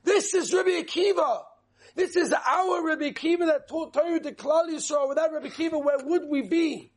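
Anguished angels crying out, as a man puts them on. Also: brisk. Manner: high pleading outcry.

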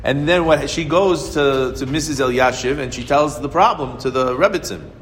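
A man's voice: medium pitch, normal speed. A man giving a Torah lecture, telling a story and acting out each character's lines. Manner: animated storyteller acting out dialogue. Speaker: Torah teacher. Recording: reverberant hall, faint ambient noise.

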